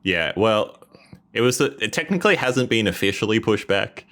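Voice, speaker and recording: A man's voice: on the low side, very animated, moderate pace, fairly bright tone. A man talking casually about a movie on a podcast, rambling with hesitant restarts. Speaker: co-host. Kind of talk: casual chat.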